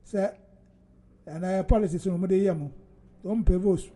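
A man's voice: high-pitched, moderate pace, long pauses, warm tone. A man hosting casual political commentary, rambling and emphatic, with frequent laughter.

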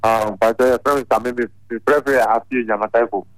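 A man's voice: medium pitch, steady tone, quick pace, no echo, soft background music. Rambling male caller in broken English. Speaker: radio caller.

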